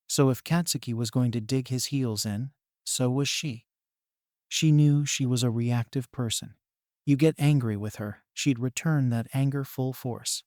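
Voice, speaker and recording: A man narrating a fan-written story in a steady, even reading. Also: medium pitch, dry recording, clean studio sound.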